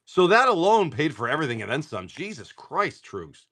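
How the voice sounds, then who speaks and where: A tired man chatting on a live stream as he opens card packs, excitable, swearing and laughing, talking to viewers by name. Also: on the high side, normal speed. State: tired from poor sleep. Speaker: livestream card seller. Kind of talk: casual live-stream chat while opening card packs.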